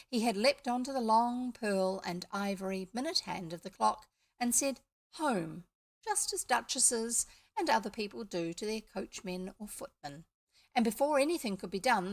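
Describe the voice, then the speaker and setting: A woman with a New Zealand accent reading a classic children's book aloud, with chatty asides. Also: on the high side. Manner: lively storytelling with chatty asides. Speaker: audiobook reader.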